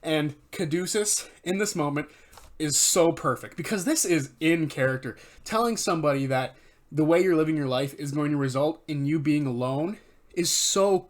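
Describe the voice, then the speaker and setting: A man giving casual, enthusiastic video commentary, recapping favorite moments, swearing freely and correcting himself as he goes. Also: fairly high pitch. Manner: enthusiastic, profane, rambling with self-corrections. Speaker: fan commentator.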